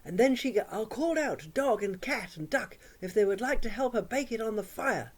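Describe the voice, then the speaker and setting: A woman tells a children's story aloud, her voice sing-song and richly expressive. Her pitch rises and falls in wide, lively swoops, and she drops to a hush for drama. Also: a little fast. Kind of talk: oral storytelling for young children.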